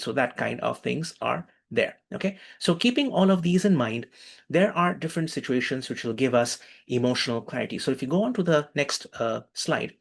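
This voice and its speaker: A man teaching an online workshop on emotional healing, leading a guided breathing exercise and repeating his instructions. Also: medium pitch. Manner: animated, calls for attention, repeats phrases.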